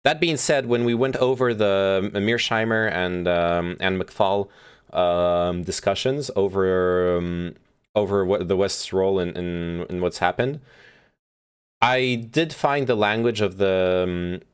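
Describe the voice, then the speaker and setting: A man with a low, smooth, resonant voice talks through a played speech as a stream host. His casual commentary is halting and full of fillers and restarts as he works out his thoughts aloud. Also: steady tone.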